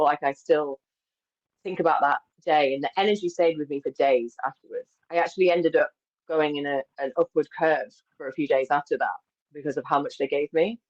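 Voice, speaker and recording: A woman with a lower voice, guesting as an embodiment coach, tells stories candidly and conversationally. She is chatty, open, and animated, often correcting herself and laughing, heard over muffled, slightly dull lo-fi call audio.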